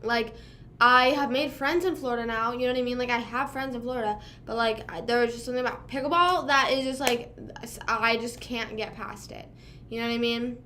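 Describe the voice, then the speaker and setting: A woman's voice: fairly high pitch, a bit bright, slight background noise. A young woman from Pennsylvania chatting casually with live viewers, rambling and self-deprecating, full of fillers. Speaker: livestream host.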